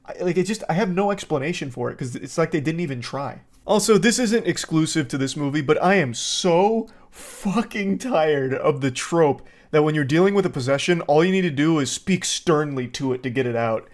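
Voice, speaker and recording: A man gives a casual, sarcastic rant as a movie reviewer. He sounds exasperated and swears freely. His voice sits a little higher than most men's. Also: animated, normal speed. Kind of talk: casual ranting commentary.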